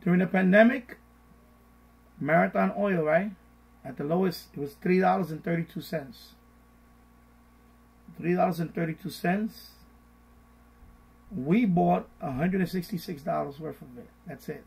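A middle-aged man hosting a finance live stream, repeating his points in a casual, animated way and mimicking panicked voices. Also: high-pitched, measured pace, gravelly, long pauses, husky, rough recording.

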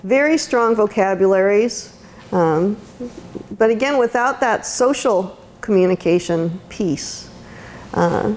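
A woman's voice: medium pitch, expressive, takes it slowly, darkish tone. A woman giving a conversational lecture as an autism educator, with frequent ums and restarts. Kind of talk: university lecture talk. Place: lecture room.

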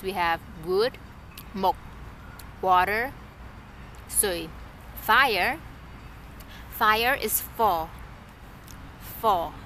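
Woman, casual home vlog lesson, unhurried delivery, repeats each word, light background hiss. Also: medium pitch. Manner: relaxed, thinks aloud, repeats words slowly. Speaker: language teacher vlogger.

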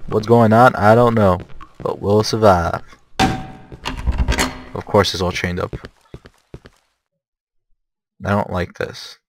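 A man giving jokey, panicky commentary while playing a horror game, often breaking into shouts. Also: fairly low pitch, steady tone, slow pace, pauses often, slight background noise. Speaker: let's play gamer. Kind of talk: gameplay commentary.

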